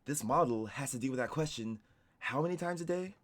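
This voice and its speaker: A man's voice: medium pitch, animated, brisk. A young man streaming casual reaction commentary, rambling with lots of "like" and restarts. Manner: rambling, heavy use of "like" and restarts.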